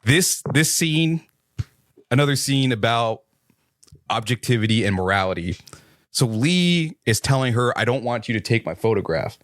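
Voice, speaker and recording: A man's voice: mid-range voice, animated, normal speed, fairly bright tone, no echo, studio quality. A man co-hosting a casual film review chat, musing on the film's themes in a hesitant, reflective way. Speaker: podcast co-host.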